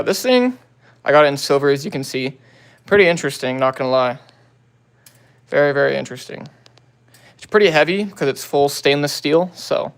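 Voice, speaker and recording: On his phone livestream, a young man answers comments and greets viewers in easygoing slang. His voice is a little high, creaky, and a bit bright.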